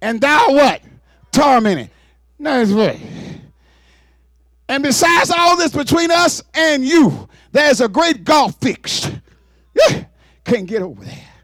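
A man preaching a fervent sermon, often shouting and calling on the congregation to answer back. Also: very high voice, very animated, slow, long pauses, dry recording, studio quality. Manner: fervent, shouting with call-and-response.

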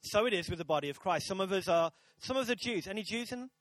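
High-voiced chatty preacher. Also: male voice, animated, fast talker, a bit bright, no room sound. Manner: chatty, jokey, talks with the congregation. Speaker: pastor. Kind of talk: sermon. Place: church auditorium.

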